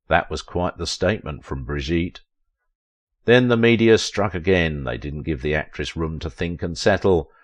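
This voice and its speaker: A man narrating a scripted documentary in a dramatic storytelling manner, with wry asides. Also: deep voice.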